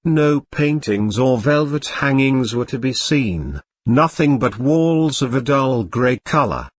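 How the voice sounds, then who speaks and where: A man reading a classic novel aloud as an audiobook, in a measured storytelling manner with light shifts for the characters. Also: medium pitch, animated, no room sound. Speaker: narrator.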